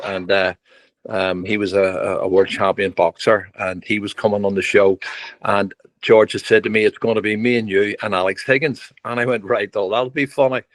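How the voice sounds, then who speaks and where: An older man, a podcast guest telling lively stories full of quoted dialogue. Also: fairly low pitch, moderate pace, dry recording. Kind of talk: anecdotal storytelling.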